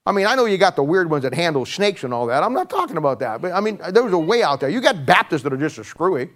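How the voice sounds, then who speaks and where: An older man in his sixties preaches in a folksy, conversational way, his voice sitting a little higher than most men's. He jokes as he goes and rambles through his stories, often stopping and restarting mid-sentence. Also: big pitch swings, fast talker, fairly bright tone. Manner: joking, rambling storyteller with frequent restarts.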